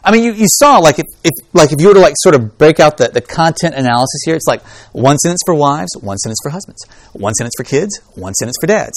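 A man's voice: on the high side, very animated, fast talker, no echo. A man teaching a Bible study class in a conversational, emphatic lecture style, with rhetorical questions. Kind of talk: informal lecture.

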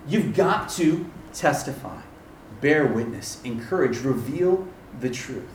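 A man preaching a sermon as a campus ministry pastor, telling stories in an animated way and often laughing. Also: medium pitch, slow, slight background noise. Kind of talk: sermon with storytelling. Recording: echoey room, distant mic.

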